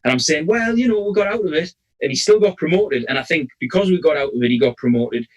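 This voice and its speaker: A man's voice: on the high side, lively intonation, quick pace, poor audio. A man, co-hosting a casual referee chat and telling a long rambling story with many restarts. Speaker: referee, podcast co-host.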